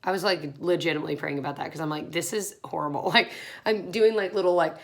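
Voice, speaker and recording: This beauty vlogger, a young woman in her twenties, speaks quickly in a fairly low voice. Getting ready in a small room at home, she talks loosely to the camera, tired and rambling, with plenty of laughter mixed in.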